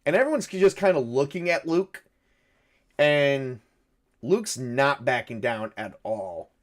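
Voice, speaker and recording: A man's voice: mid-range voice, slow pace. A man narrating a solo tabletop game, thinking aloud and hesitating with many fillers. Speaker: game master and solo player.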